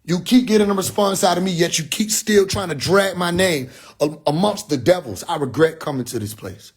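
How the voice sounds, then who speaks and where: A husky man vents in a vlog rant. His voice sits a little high, and he swears freely and circles back to the same lines again and again. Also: fairly quick. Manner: agitated, profane, repeats himself. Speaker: rapper and online commentator.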